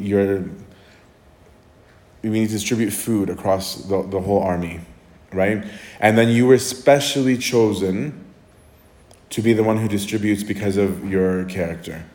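Brief: male priest, low voice, chatty Q&A answers, roomy echoey sound. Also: darkish tone. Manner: conversational, often adds "right?" and restarts. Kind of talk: casual Q&A talk. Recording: echoey room.

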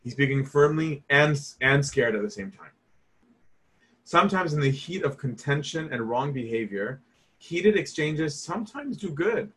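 A man's voice: fairly high pitch, lively intonation, normal speed, fairly bright tone. A man teaching scripture in a casual, conversational way, emphatic and informal, often asking "right?". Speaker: Bible teacher.

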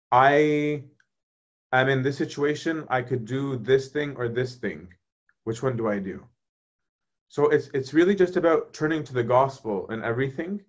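A man, a priest, talking casually about faith and answering viewers' questions in a conversational, animated way. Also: medium pitch. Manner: conversational, animated, often asks "right?".

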